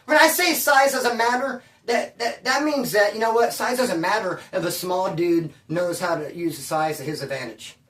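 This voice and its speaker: A man telling a casual story in an animated, slangy way, calling people bro and dude and stumbling over restarts when he gets worked up. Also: sits high, moderate pace, hardly any pauses, far from the mic. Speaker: storyteller recounting prison life. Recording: roomy echo, voice away from the mic.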